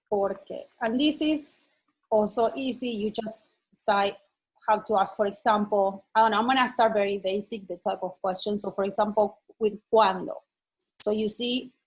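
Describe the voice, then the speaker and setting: A woman's voice: mid-range voice, slightly rough, rough recording. A woman teaching an online lesson, explaining patiently and checking that her student follows. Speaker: Spanish teacher.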